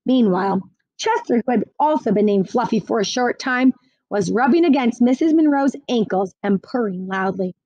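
A woman reads a children's storybook aloud, high and animated, her voice leaping around expressively. The recording is dry and a little dull. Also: moderate pace, dry recording. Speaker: reader.

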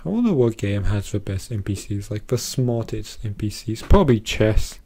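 Worn-out rambling man with a mellow voice. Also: lowish voice, big pitch swings, moderate pace, slightly rough. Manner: rambling, repetitive, self-mocking. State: exhausted, worn out. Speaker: YouTuber. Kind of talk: unscripted rambling vlog monologue.

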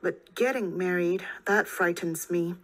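A woman's voice: lowish voice, measured pace, pitched below the performer's own voice, natural voice, poor audio. A woman voicing a burly, good-humored young male farmer who teases and chuckles as he talks, in an audiobook reading. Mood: earnest. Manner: teasing, chuckling.

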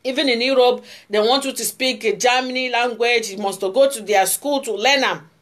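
Lady vlogging, kinda high voice, earnest and rambly with lots of uh's. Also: normal speed, fairly bright tone. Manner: earnest, repetitive, many fillers. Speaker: YouTube channel host. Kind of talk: casual monologue.

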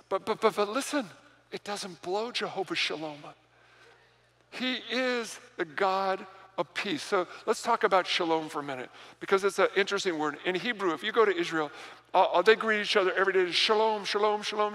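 A man delivers a sermon in a high, bright voice, animated and quick to repeat words as he builds each point. His voice rings out with the long reverb of a church hall. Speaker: pastor. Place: church sanctuary.

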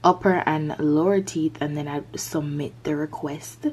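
A woman's voice: deep voice, steady tone, unhurried, a little mellow, slight background noise. Chatty young woman vlogging her day. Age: young adult. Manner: chatty, peppered with "like"; open and a little self-conscious. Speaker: college student vlogger. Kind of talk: casual vlog chat to camera.

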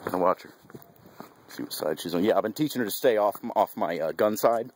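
A man with a low, husky voice talks casually to camera about training his dog. He rambles, with plenty of fillers and restarts. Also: expressive, brisk, darkish tone. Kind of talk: casual instructional vlog. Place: at home, then outdoors with a dog.

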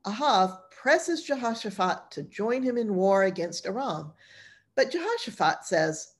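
A woman's voice: medium pitch, very animated, unhurried. Chatty woman pastor teaching Bible class. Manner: chatty, colloquial storytelling. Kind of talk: informal Bible lesson.

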